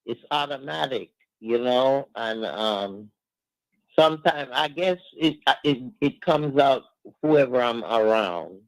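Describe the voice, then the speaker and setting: A man's voice: medium pitch, lively intonation, takes it slowly, no room sound, low-quality recording. Reflective Jamaican man on a panel. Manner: reflective, stumbling on repeated words. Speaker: radio panelist, former teacher. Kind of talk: casual panel discussion.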